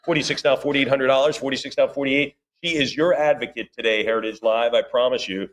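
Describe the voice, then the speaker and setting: A man working as auctioneer, calling bids rapidly in a live auction and breaking off for chatty asides to bidders and staff. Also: mid-range voice, fairly even intonation, fairly bright tone, slight background noise. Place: auction room.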